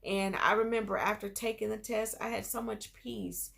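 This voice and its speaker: A woman's voice: mid-range voice, normal speed, creaky. A woman in her thirties, a school nurse, telling her story in a casual vlog, upbeat and encouraging. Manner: excited bursts when retelling good news.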